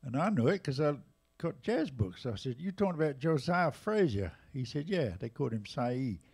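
A man in his eighties with an English accent, casually telling jazz stories at a live museum event, lively and animated in his retelling. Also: medium pitch, moderate pace, creaky, husky. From England. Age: 80s. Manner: lively, animated retelling with raised voices for quotes. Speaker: jazz drummer and storyteller guest. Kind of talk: casual anecdotal storytelling.

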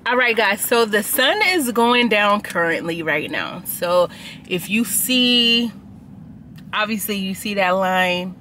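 A woman's voice: mid-range voice, animated, slow, pushed and bright, soft background music. A woman vlogger chatting casually and slangily to her viewers in an upbeat food vlog. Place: outdoors at sunset.

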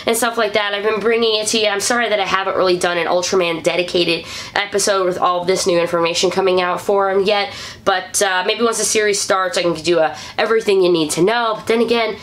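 A woman from St. Louis hosting a weekly fan news vlog, upbeat and chatty, breaking into excited whoops. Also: mid-range voice, fast talker. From St. Louis, USA.

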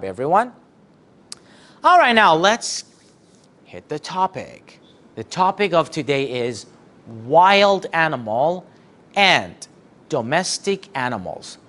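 Slow, lively male teacher drilling children. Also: on the high side. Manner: slow, drawn-out call-and-response drilling; cheerful praise, sometimes sings prompts. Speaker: English teacher. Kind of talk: online class for young children.

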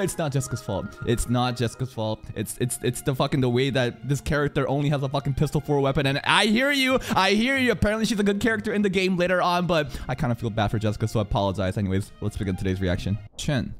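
A man reacting live to an anime episode, excitable and profane, swinging between loud outbursts and low muttering. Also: quick pace, hardly any pauses, faint music behind.

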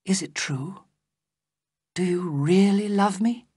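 A reader voicing a young princess in love for a storybook reading, speaking softly and half-whispered. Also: mid-range voice, slow, breathy edge, no room sound, clean studio sound, pitched above the performer's own voice. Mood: pleading.

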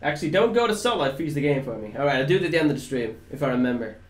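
A man's voice: mid-range voice, expressive, very fast. A man from the Netherlands, a native Dutch speaker, commenting casually on live gameplay, bantering with chat and swearing now and then. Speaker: game streamer. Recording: roomy echo, faint background noise.

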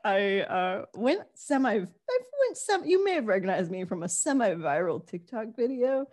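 A woman's voice: medium pitch, very animated, moderate pace, a little mellow. A woman who does improv comedy, guesting on a podcast and chatting in a giggly, rambling, self-deprecating way. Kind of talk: casual comedy podcast chat.

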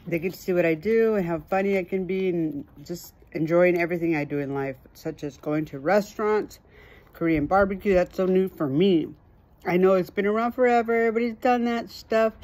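A woman's voice: lowish voice, normal speed, a little mellow. Upbeat woman in her fifties vlogging. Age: 50s. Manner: candid, upbeat, talking while eating. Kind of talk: casual chat to camera.

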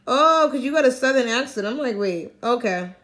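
Giggly slangy woman, a little high. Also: expressive, moderate pace, fairly bright tone, slight background noise. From Massachusetts. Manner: giggly, slangy, profane, talks straight to viewers. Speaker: vlogger. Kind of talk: casual chat on a video chat app.

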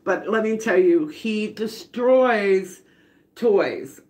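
A woman's voice: mid-range voice, animated, very slow, darkish tone. A middle-aged woman, chatting casually on a home livestream while baking and reading viewer comments aloud. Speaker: livestream host.

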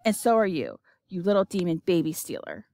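A woman's voice: lowish voice, very animated, fairly quick, no echo, studio quality. A woman doing a petulant young queen. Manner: whiny and sharp.

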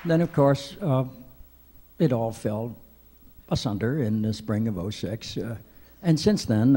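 An older man giving a keynote speech at a benefit breakfast, telling self-deprecating stories with frequent hesitant pauses. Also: medium pitch, animated, warm tone, slightly rough. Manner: wry self-deprecating storyteller, many hesitant "uh"s. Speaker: keynote speaker. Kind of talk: anecdotal after-breakfast speech. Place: large banquet hall. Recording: reverberant large hall.

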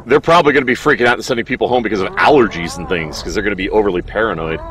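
A young gaming streamer gives casual, animated let's play commentary on his horror game, cursing and laughing at his own mistakes. He talks rapid-fire in a fairly low voice, clearing his throat because of allergies.

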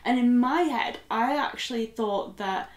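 A woman's voice: on the high side, measured pace, roomy sound. A young woman co-hosting a book readalong, chatting casually with lots of fillers and giggles. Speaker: co-host of a book readalong channel. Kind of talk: casual chat.

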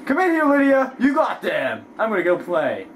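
A goofy young man riffing over a video game with his sister. His pitch jumps around a lot as he jokes and yelps, and a steady hiss of background noise sits under his voice on the home mic. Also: moderate pace. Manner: goofy, jokey, bursts into loud exclamations. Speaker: gameplay commentator. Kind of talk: playful gameplay banter.

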